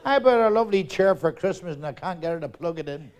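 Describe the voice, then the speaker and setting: A man's voice: a little high, expressive, a little mellow, a faint crowd. A man in his sixties with a Northern Irish accent, doing live stand-up on a theatre stage and rattling off jokes while acting out the voices in them. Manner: rapid joke-telling, acting out characters in dialogue. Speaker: stand-up comedian.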